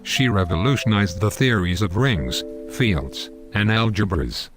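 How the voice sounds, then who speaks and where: A man's voice: on the low side, very animated, measured pace. A man playing a fond, teasing old grandfather who tells his granddaughter a story in an amateur scripted skit, calling her honey. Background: background music.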